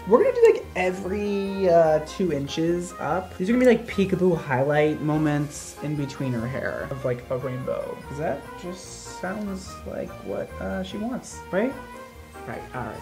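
A man's voice: a little high, very animated, measured pace, creaky, music in the background. A man hairstylist vlogging casually as he colors hair, with dramatic, exaggerated, self-mocking reactions.

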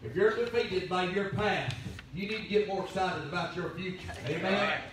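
A man's voice: sits high, moderate pace, over a noisy crowd. A man preaching a sermon as pastor, telling folksy stories. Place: church sanctuary. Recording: very echoey church from a distance.

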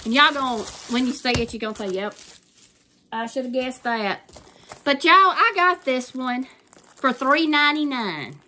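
Gushing in folksy Southern US phrasing, this older crafting YouTuber casually chats through a craft unboxing. She sounds high-pitched and sharp, with lively intonation at a normal speed, and there's slight background noise.

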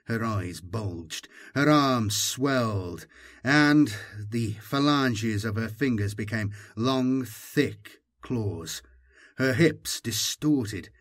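A man reading an audiobook in measured, dramatic scripted narration. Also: mid-range voice, lively intonation.

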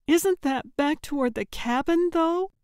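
A woman voicing a worn-out, frightened older woman who speaks plaintively and higher than her narration. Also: steady tone, slow pace, clear, resonant tone, dry recording, clean studio sound. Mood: tired scared.

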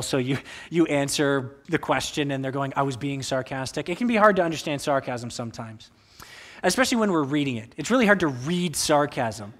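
A male pastor preaching from the pulpit of a church. His voice sits a little high, and his delivery is expressive as he acts out the voices in the quotes he tells. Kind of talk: sermon. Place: church sanctuary.

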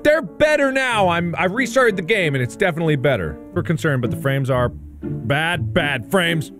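A man doing gameplay commentary, swearing and yelling in explosive frustrated outbursts. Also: on the high side, expressive, moderate pace, music in the background. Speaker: gaming video creator.

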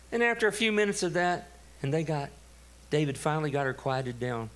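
A middle-aged man, a pastor telling a story in a sermon, animated and laughing. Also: fairly high pitch, a little fast. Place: church.

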